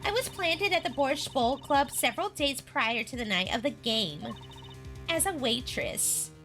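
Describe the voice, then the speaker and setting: A woman's voice: high-pitched, animated, a little slow, a bit bright, soft background music. A woman voicing a brash young female card dealer and con artist in a Valley Girl voice. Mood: boastful.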